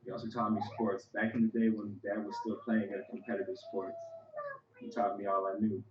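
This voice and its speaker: A man's voice: on the low side, huge pitch swings, brisk, reverberant, dull audio, a little hiss or hum. A man, a son, giving a conversational, story-filled eulogy for his father at a funeral. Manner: conversational and storytelling, with frequent "you know" asides. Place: church sanctuary.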